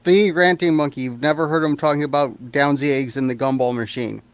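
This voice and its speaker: A man's voice: fairly high pitch, steady tone, brisk, clear, resonant tone. Mocking man in casual chat. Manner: mocking, laughs at his own jokes. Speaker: stream guest. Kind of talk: casual banter on a stream.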